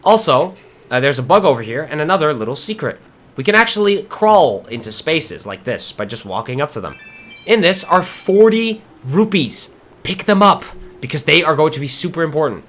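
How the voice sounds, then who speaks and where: Excitable man streaming a game. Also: a little high, normal speed. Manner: excitable, swears and laughs often. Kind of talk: casual gameplay commentary.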